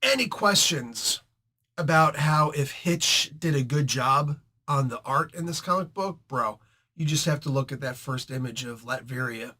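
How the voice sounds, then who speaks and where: A man's voice: mid-range voice, measured pace. Chatty man reviewing comics. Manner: chatty, rambling, excitable. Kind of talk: casual video review.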